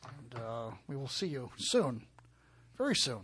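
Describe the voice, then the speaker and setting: A man's voice: mid-range voice, sing-song, a little slow, fairly bright tone, a little hiss or hum. A man hosting a radio show, joking in profane, laid-back banter. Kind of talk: casual podcast banter.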